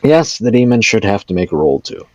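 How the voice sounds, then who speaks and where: A man's voice: on the low side, big pitch swings, a little fast, a little mellow, highs cut off, a little hiss or hum. A man playing in a tabletop game, swearing, laughing often and complaining in mock exasperation. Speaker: player. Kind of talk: casual tabletop game banter.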